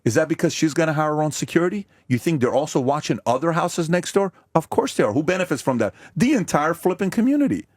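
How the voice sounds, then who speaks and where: An American man makes his case in a heated podcast debate, hammering points with rhetorical questions. His pitch leaps up and down as he pushes, with a slightly husky edge to the voice. The sound is close and dry. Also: expressive, fast talker, few pauses, no room sound. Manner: forceful, emphatic, rhetorical questions.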